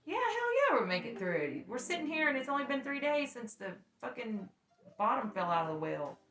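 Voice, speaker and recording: This podcast co-host is a young woman whose fairly high voice comes out very animated and a little fast, with a crowd audible in the background. She tells stories and laughs in candid, profane casual chat, recorded in an echoey room with faint music.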